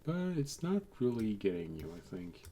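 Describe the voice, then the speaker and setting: A man's voice: on the low side, very animated, moderate pace, mellow, a little hiss or hum. A man streaming while he draws a map, thinking aloud, muttering to himself and making dry asides to his chat over a desk microphone.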